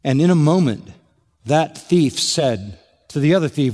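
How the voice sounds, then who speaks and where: A man preaching verse by verse, his voice pitched a little high and punching hard on the points he wants to land. Long reverb from a large hall trails after each phrase. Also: animated, measured pace, dark tone. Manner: emphatic, rising to exclamation on key points. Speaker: pastor. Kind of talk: expository sermon.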